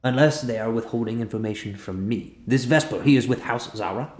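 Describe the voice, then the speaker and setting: A man's voice: medium pitch, a little fast, darkish tone, echoey room. Man running a tabletop game. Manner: switches into pompous character voices. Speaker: game master.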